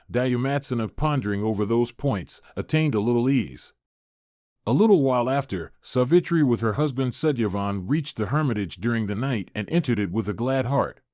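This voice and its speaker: A man narrating an old epic as an audiobook in a steady, measured reading voice. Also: medium pitch, no room sound, clean studio sound. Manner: steady, even recitation with formal old-fashioned wording.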